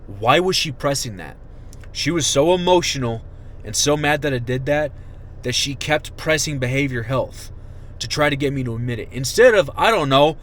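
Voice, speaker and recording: Shouting one moment and muttering the next, a young man who served in the army delivers an angry rant full of profanity. His pitch runs slightly high.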